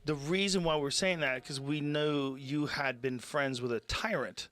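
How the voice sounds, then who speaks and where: A middle-aged podcast host chatting casually, laid-back and rambling, laughing often. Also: male voice, on the high side, steady tone, a little slow, heavy background noise.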